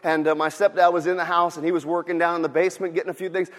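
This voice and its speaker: A man preaching a sermon as pastor, animated, swinging from loud outbursts to quiet storytelling. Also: a little high, rapid-fire, long reverb tail.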